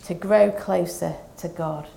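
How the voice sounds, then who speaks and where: A woman preaching a Lent sermon, reading scripture and reflecting in a calm, measured way. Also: fairly low pitch, gravelly, a little hiss or hum.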